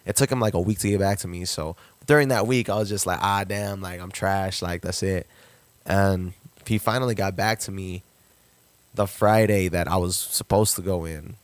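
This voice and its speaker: A young man telling a story on a podcast, lively, leaping up in pitch when he acts out quotes. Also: normal speed, no echo. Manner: animated, jumps pitch to act out quotes. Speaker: podcast guest, rapper. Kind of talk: casual storytelling.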